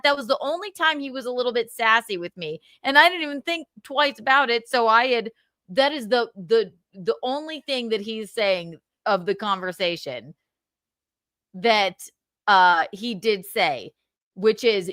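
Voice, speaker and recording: Bright-voiced woman ranting, swearing. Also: a little high, animated, moderate pace, no room sound. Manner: heated, swearing, repeating herself, sudden loud bursts. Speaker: livestream host. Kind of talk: angry gossip rant on a livestream.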